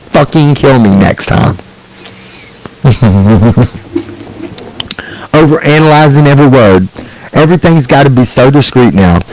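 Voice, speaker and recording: A man's voice: mid-range voice, darkish tone, no room sound, rough recording. A man, ranting through a sarcastic, profane stand-up set. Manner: angry, sarcastic and profane, with mocking put-on quotes. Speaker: stand-up comedian.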